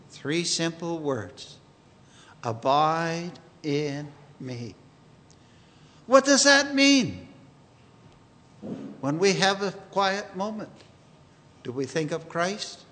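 A man preaching a sermon in an earnest, unhurried way, quoting scripture often. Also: sits high, a bit bright, big-room sound.

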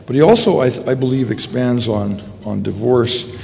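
A man preaching a sermon in a meeting hall, speaking in a halting way with many fillers and restarts. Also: medium pitch, animated, vocal fry, warm tone. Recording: long echo in a hall, faint ambient noise.

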